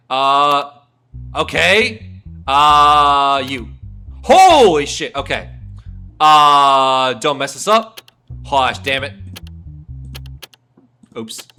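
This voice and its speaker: A man streaming a video game, giving excitable, jokey commentary and swearing often. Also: medium pitch. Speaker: gaming streamer. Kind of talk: let's-play commentary.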